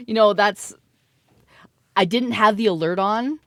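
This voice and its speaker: A woman's voice: mid-range voice, fairly bright tone, no echo. Giggly woman streamer, dry sound. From Canada. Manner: playful, giggly, swears freely. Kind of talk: casual live-stream chat.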